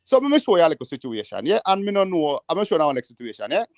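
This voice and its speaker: A Jamaican man telling rambling, animated stories in patois during a casual panel chat. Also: a little high, racing, dry recording. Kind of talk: casual storytelling. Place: living in the United States.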